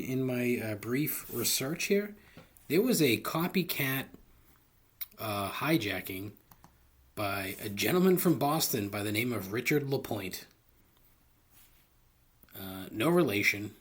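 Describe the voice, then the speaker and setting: A man's voice: medium pitch, lively intonation, slow, long pauses, fairly bright tone, breathy edge. A man hosting a solo comedy podcast, rambling profanely into a close microphone and laughing at his own jokes. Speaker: podcast host. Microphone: close studio microphone.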